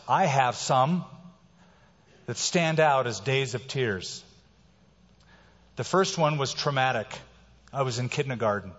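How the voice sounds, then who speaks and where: A man preaching a sermon as a pastor, who swings between quiet, slow passages and loud, emphatic lines. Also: mid-range voice. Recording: reverberant hall, dull sound.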